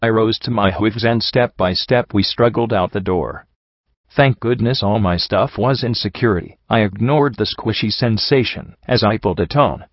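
A man reading a first-person story aloud in a steady, grim way. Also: lowish voice, normal speed, no room sound. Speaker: audiobook reader. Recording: dull lo-fi recording.

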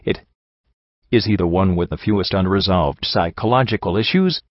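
A man's voice: low voice, normal speed, dry recording, highs cut off. A man reading an anxious young pegasus mare. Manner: hesitant, conflicted. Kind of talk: audiobook reading.

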